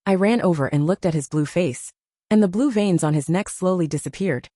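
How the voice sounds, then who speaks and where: A woman narrating a first-person audiobook story in a steady storytelling manner. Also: on the low side, brisk, no room sound, clean studio sound.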